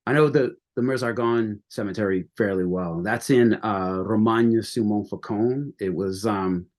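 A man's voice: on the low side, normal speed. A man from the United States, a guest on a history podcast, talking with enthusiasm and many restarts. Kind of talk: conversational history interview.

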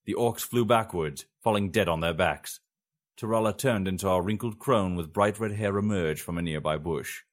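A man reading a fantasy story aloud in measured audiobook narration. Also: low voice.

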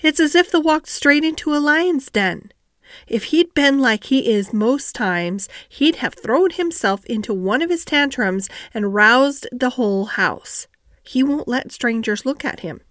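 A woman's voice: sits high, expressive, a little slow, a bit bright, dry recording, clean studio sound, pitched above the performer's own voice. A woman voicing an anxious young maid with a broad Yorkshire accent. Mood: disbelieving. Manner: fretful, broad dialect.

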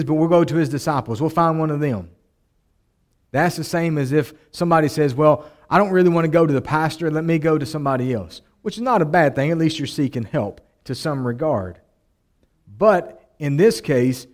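A man preaching a sermon as pastor, with a voice pitched a little above most men's. He hammers phrases by repeating them and swells into loud, heartfelt appeals. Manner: preaching, voice rising to near-shouting in emotional appeals.

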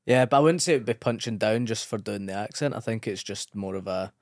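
A man with a Scottish accent co-hosting a podcast, who chips in with quick, wry remarks. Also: fairly low pitch, dry recording, clean studio sound. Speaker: podcast co-host. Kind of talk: casual podcast chat.

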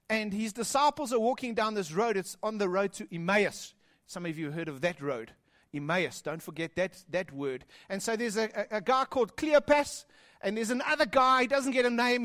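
A middle-aged man, preaching a sermon, telling lively stories and swinging between loud and hushed delivery. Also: high-pitched. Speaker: pastor.

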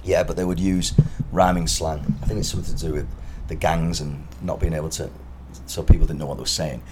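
A man's voice: very deep voice, flat delivery, fairly quick. A young English man co-hosting a podcast, chatting casually and teasing his partner as he explains British words. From England. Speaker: podcast co-host. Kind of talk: casual chat. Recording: faint background noise.

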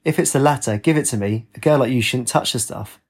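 Man voicing a gravelly, cynical ex-soldier. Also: mid-range voice. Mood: blunt. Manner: blunt, cynical, slow. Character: homeless one-armed ex-Marine man, cynical and worn.

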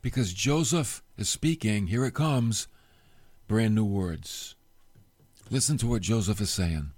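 A man preaching a sermon, retelling a story with expressive, emotional delivery that drops soft at moving points. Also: lowish voice, unhurried, no echo, soft background music. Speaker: pastor.

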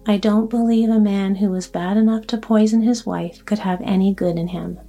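Fretful, talkative old grandmother in a storybook, read by a woman; mellow, gentle delivery over faint music. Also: medium pitch, fairly even intonation, moderate pace, lightly acted. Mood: musing. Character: chatty, nervous old grandmother on a train. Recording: soft music underneath.

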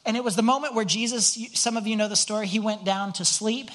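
A man's voice: high voice, steady tone, fast talker, a bit bright. Man, pastor, conversational sermon, earnest, rhetorical questions, frequent restarts, church. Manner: earnest, talks straight to the congregation with rhetorical questions; frequent restarts and repeated words. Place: church on a Sunday morning.

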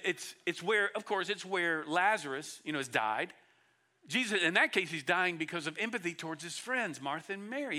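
A man preaching a sermon as a pastor, earnest, moving between loud emphatic bursts and hushed low passages, often repeating his words. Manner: frequent repeated words and restarts.

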